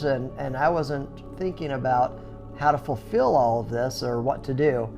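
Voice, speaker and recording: A middle-aged man who owns a skateboard business, telling his story casually with lots of fillers and restarts, and animated sound effects. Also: medium pitch, moderate pace, faint music behind. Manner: chatty, full of "you know" fillers and restarts; animated, acts out sounds and reactions.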